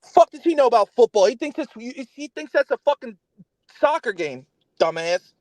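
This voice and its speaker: Very high-pitched, angry, cursing man. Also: very animated, moderate pace, a little mellow, no room sound. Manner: profane, angry, talks over others. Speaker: sports show co-host. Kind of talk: heated sports debate. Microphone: remote call-in.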